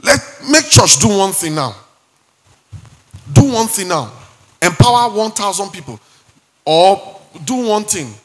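Nigerian pastor preaching in a reverberant hall. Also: male voice, high-pitched, unhurried, long pauses. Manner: animated, mixing Pidgin asides and acted-out quotes. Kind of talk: sermon.

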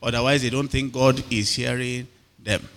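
Brief: Nigerian male pastor, bright forceful voice, engaging congregation with frequent questions, long hall reverb. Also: medium pitch, steady tone, normal speed. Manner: call-and-response questions to the congregation. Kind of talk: sermon.

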